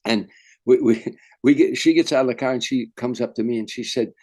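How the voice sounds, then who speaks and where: A man's voice: medium pitch, a little fast. Older comedian guy spinning a story, acts out the voices, punchy delivery. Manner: animated storyteller, acts out quotes. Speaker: guest comedian. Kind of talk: storytelling interview.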